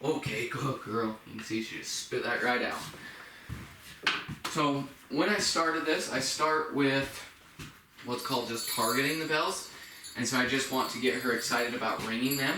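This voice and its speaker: A man working as a dog trainer, explaining house-training in a relaxed, casual way and praising the dog in a high voice now and then. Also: moderate pace, noisy background. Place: indoors at a home. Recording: echoey room, distant from the mic.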